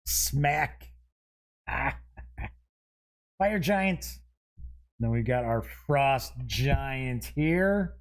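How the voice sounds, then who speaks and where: This male show host, speaking in a mid-range voice, does a laid-back unboxing, reading out item names one by one with quick asides and chuckling at himself. He's animated, stretches out his words, and leaves long pauses.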